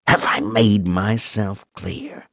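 Guy doing a low growly menacing bodyguard in an audiobook, hisses his threats. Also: lively intonation, moderate pace, husky, dry recording, studio quality. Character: menacing muscular male bodyguard turned captor.

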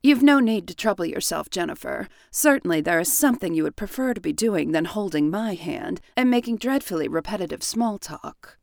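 A woman's voice: lowish voice, lively intonation, brisk, vocal fry, few pauses, dry recording, clean studio sound. A woman doing a cool, guarded young widow. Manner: cool, clipped, polite. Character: composed, guarded young widow hiding her feelings.

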